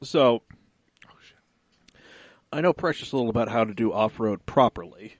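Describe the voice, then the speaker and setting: A man of middle pitch talks in a laid-back, self-mocking way on a car podcast and laughs often. His phrasing is loose and casual. The recording is dry. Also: lively intonation, moderate pace, no echo. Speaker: podcast co-host.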